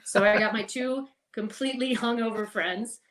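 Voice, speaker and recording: A woman's voice: on the high side, normal speed. Chatty middle-aged woman telling stories. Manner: chatty, animated, laughs and swears. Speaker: podcast guest. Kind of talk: casual storytelling.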